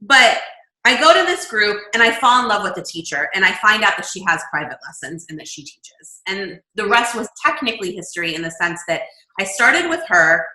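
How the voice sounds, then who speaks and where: A woman guest describing her path into shamanic healing in lively, animated conversation. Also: mid-range voice, brisk, echoey room, low-quality recording. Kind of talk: casual storytelling chat.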